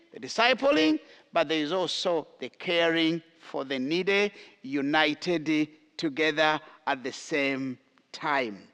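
High bright-voiced pastor preaching slow, repeats his big lines, echoey church hall. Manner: emphatic, repeats key lines for stress. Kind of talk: sermon. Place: church sanctuary.

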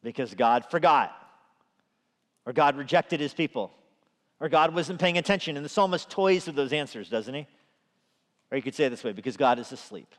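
Man preaching, mid-pitched voice, animated, swells loud on quotes, long church reverb. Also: moderate pace, long pauses. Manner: animated, rising in pitch and volume when quoting scripture. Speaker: pastor. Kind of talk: sermon. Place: church sanctuary. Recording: echoey church hall reverb.

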